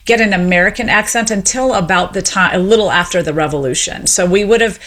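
A middle-aged woman from Tennessee, a sociolinguist being interviewed, explaining her field in an articulate, lively way. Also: mid-range voice, fast. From Memphis, Tennessee. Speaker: sociolinguist guest. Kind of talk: radio interview.

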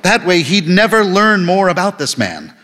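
A man reading an audiobook novel aloud in scripted narration, with a lively, dry delivery. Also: high voice, normal speed, big-room sound.

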